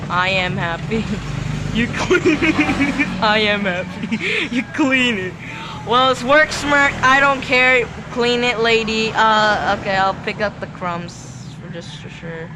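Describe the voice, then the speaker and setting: A gameplay streamer in casual commentary who gets excitable, shouting urgent commands and reading game text aloud. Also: mid-range voice, takes it slowly, noisy background.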